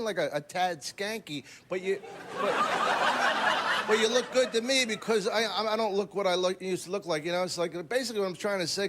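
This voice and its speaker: A man's voice: high-pitched, fairly bright tone, slight background noise. A man doing a brash, rambling stand-up comedy set on a TV studio stage. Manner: brash, rambling, crude punchlines.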